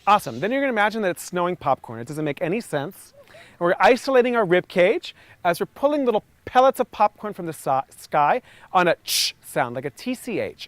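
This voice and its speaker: Energetic man leading a vocal warm-up. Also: high-pitched, dry recording. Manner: energetic, encouraging, calls out sounds loudly. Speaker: voice and communication coach. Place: outdoors near trees and a lake.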